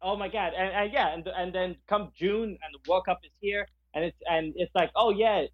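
Man, podcast co-host, fairly high voice, halting and passionate, muffled lo-fi recording. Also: steady tone. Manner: halting, searching for words, passionate. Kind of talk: casual chat.

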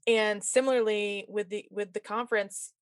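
A woman hosting a nursing podcast, chatting in a casual and giggly way with quick joking asides. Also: mid-range voice, fairly even intonation, dry recording. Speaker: podcast host, nurse.

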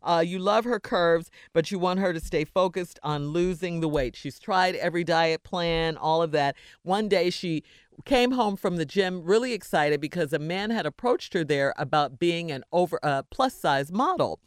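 A woman's voice: on the low side, expressive, normal speed, clean tone, no room sound, clean studio sound. A woman co-hosting a radio show, summarizing a listener's letter and giving frank, matter-of-fact advice.

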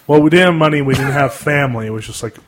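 A man hosting a podcast, joking around in casual chat with dark humor. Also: medium pitch, rapid-fire. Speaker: podcast host.

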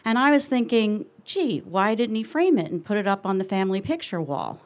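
A woman's voice: mid-range voice, sing-song. Earnest middle-aged woman telling a story. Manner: earnest, confessional, with slow reflective pauses. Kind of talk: live storytelling.

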